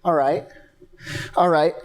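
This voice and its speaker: An actor playing James, a young man questioned by his lawyer after his father's death, in a flat, guarded, matter-of-fact way. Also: on the high side, takes it slowly. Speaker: accused son. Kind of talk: stage play acting.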